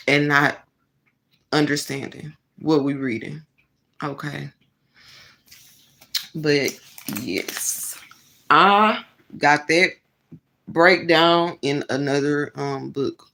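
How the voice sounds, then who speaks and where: A woman hosting an online Bible reading stream, chatting casually with viewers and laughing easily, then reading scripture aloud with louder emphasis. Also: low voice, gravelly, low-quality recording.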